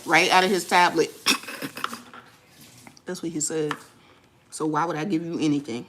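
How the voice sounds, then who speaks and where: Woman vlogger, teasing live-chat talk, lowish voice, faint noise behind. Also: fairly even intonation, moderate pace. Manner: playful, teasing, laughs often. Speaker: vlogger chatting with live viewers. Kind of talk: casual live-stream chat.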